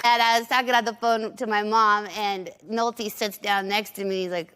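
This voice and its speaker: A woman telling an animated anecdote as a talk show guest, mimicking voices. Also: mid-range voice, normal speed, few pauses, smooth. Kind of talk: storytelling anecdote. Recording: noisy studio recording.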